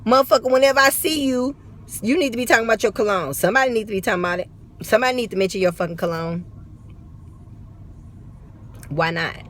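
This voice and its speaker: A woman's voice: fairly high pitch, quick pace, pauses often, fairly bright tone, a little hiss or hum. A woman with a St. Louis accent giving blunt, profane, emphatic motivational talk in a vlog, recorded on a phone. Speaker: vlogger.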